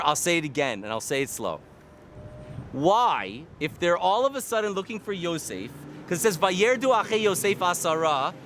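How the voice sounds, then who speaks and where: A man giving a lively Torah lecture, firing rhetorical questions and repeating key lines for emphasis. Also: high voice. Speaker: Torah teacher.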